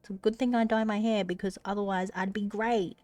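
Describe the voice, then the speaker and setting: A woman's voice: mid-range voice, fairly even intonation, brisk, darkish tone, no echo. A woman live-streaming while she crochets, chatting casually, swearing at her cat and often dropping to a whisper, a little phlegmy.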